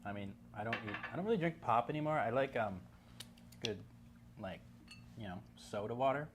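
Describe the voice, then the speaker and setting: A man's voice: mid-range voice, lively intonation, brisk, a bit bright, slight background noise. A man with a West Coast Canadian accent, a guest talking in laid-back casual chat, rambling with lots of fillers.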